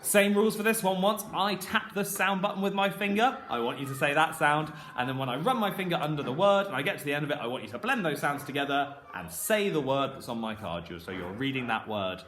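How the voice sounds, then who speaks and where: A young male primary school teacher with a British accent, giving a phonics lesson to camera and slowly sounding out words in an encouraging way. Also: fairly high pitch, lively intonation, fairly bright tone, a little hiss or hum. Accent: British English. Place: classroom. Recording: echoey classroom.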